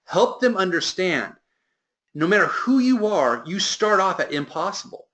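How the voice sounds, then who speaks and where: A man's voice: sits high, big pitch swings, unhurried, fairly bright tone. A man giving a motivational sales training talk to a team, with emphatic delivery that lifts and drops.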